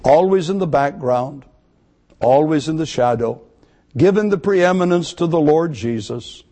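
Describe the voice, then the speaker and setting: A man preaching a sermon to his congregation, emphatic, repeating key words and slowing down to stress them. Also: a little high, animated, mellow. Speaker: pastor.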